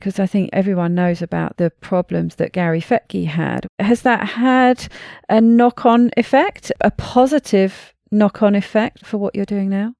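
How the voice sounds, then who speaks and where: A woman podcast host who asks her guest questions in a measured, deliberate way. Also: mid-range voice, vocal fry, darkish tone, no echo, studio quality. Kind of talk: interview questions and read sponsor ad.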